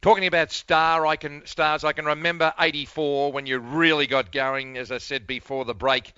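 A man's voice: on the high side, level tone, moderate pace, sharp tone, clean tone, no echo, lo-fi sound. An older man with an Australian accent, hosting a radio sports interview with showy broadcaster patter. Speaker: radio host.

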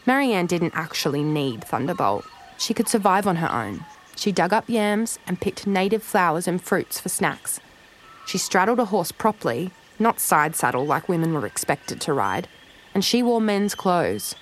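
Lively woman with a low-set voice. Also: moderate pace, a little hiss or hum, low-quality recording. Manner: lively, expressive. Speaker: storyteller. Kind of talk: scripted narration for children. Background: soft music.

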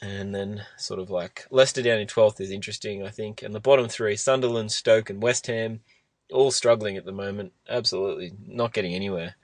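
A man's voice: on the low side, fairly even intonation, fairly quick, dry recording. A man with an Australian accent hosting a casual sports podcast chat, rambling through his points and laughing often. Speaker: podcast host.

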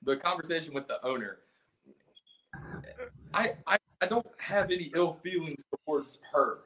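This South Carolina man, singer and guitarist in a punk band, is a podcast guest telling a story in a casual, rambling, profane way full of restarts. His voice is a little high, animated, pushed and bright, at a normal speed.

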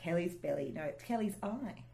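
A woman's voice: fairly low pitch, lively intonation, a little fast, creaky, noisy background. A woman co-hosting a podcast in casual chat, blunt and cheeky, with bursts of mock outrage. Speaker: podcast co-host.

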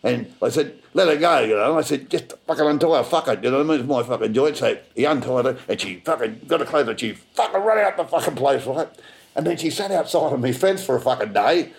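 A man's voice: mid-range voice, animated, fairly quick, vocal fry, a little hiss or hum. An older Australian man telling a story in a coarse, rambling way, swearing constantly and repeating himself. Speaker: interviewee.

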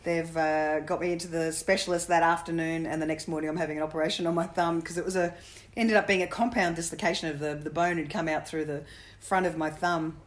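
A woman's voice: sits low, fairly even intonation. A middle-aged woman, a former cricketer, telling jokey stories in a casual interview. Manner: quick, jokey anecdotal storytelling. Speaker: guest, former cricketer and coach.

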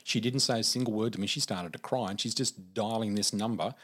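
A man telling a personal story in a podcast interview, animated and dramatic as a storyteller. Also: on the low side, brisk, husky. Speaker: psychic guest.

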